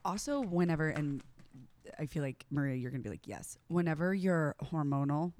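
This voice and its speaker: A woman's voice: sits low, no room sound. A woman chatting casually, telling stories with many filler words. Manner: animated storytelling, quick, many "like" fillers. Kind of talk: casual chat.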